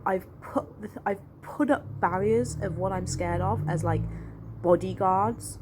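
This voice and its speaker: A woman's voice: medium pitch, unhurried. Rambling young woman, faint hum. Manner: rambling, animated, lots of fillers and "I was like". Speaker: vlogger. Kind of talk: casual storytelling to camera.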